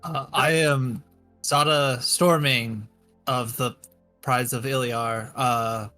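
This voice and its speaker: A man playing a slow, ceremonious clan warrior. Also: mid-range voice, fairly even intonation, pushed and bright, soft background music.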